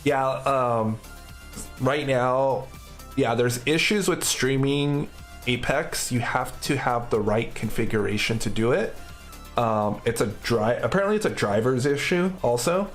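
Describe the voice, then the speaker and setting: A man's voice: mid-range voice, measured pace, faint music behind. A man streaming live coding, thinking aloud in casual, upbeat commentary.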